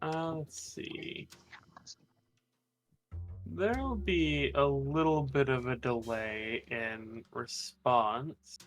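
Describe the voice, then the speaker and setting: Unhurried game master thinking aloud. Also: male voice, medium pitch, soft background music. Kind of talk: narrating a tabletop game over a stream.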